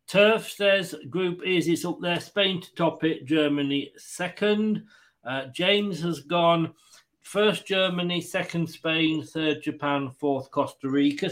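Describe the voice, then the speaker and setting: A man's voice: fairly high pitch, slow, low-quality recording. A man hosting a casual football prediction chat, joking, laughing often and reading out listener picks. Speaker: podcast host.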